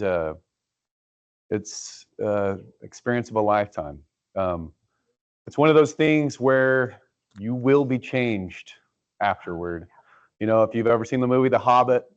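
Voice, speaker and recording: A man giving a casual presentation to his church about a mission trip, halting with many ums and uhs. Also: mid-range voice, clear, resonant tone. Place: church sanctuary. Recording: dull lo-fi church recording.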